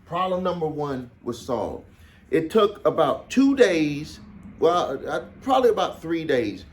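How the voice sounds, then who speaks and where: A man's voice: fairly high pitch, big pitch swings, a little slow, a little hiss or hum. A man coaching small business owners, telling a client story casually to camera, often repeating phrases for emphasis.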